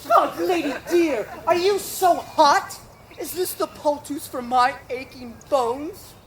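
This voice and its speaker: A woman's voice: high voice, takes it slowly, heavy background noise. A woman playing a garrulous older nurse on stage, teasing and complaining with groans and laughs. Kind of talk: live stage acting.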